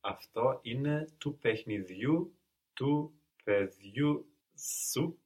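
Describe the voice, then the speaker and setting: Slow, husky-voiced male student. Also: medium pitch, lively intonation, a little mellow. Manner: careful, tentative answers. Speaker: language student. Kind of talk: answering in a language lesson.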